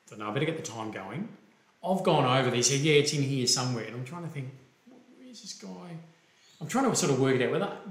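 A man's voice: medium pitch, reverberant, low-quality recording. A man with an Australian accent, a golf referee and podcast co-host, telling a story in casual chat and acting out the quoted lines. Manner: animated, acts out quoted dialogue.

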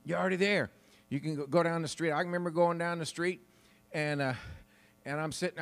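A man delivers a sermon in a church through a wireless handheld mic. His fairly high voice runs chatty and folksy, with frequent laughs and asides to the congregation. Soft music plays in the room. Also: fairly even intonation, brisk. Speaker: pastor. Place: church sanctuary.

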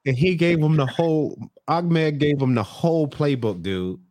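A man's voice: on the high side, normal speed, dark tone, no echo. Laid-back slangy man on a dry mic. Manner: laid-back, slangy, quotes the characters while laughing. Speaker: podcast co-host. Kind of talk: casual chat about a reality show.

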